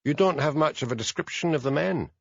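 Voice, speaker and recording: A man voicing a shrewd, calm male police sergeant in an audiobook, asking probing questions. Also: on the high side, quick pace, gravelly, no room sound, lo-fi sound, voice pushed up.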